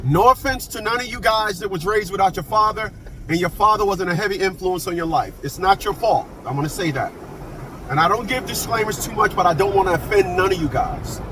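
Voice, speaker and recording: A man's voice: high-pitched, brisk, background noise. A man in his fifties telling a story in a blunt, profane casual monologue, repeating himself as he goes. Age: 50s.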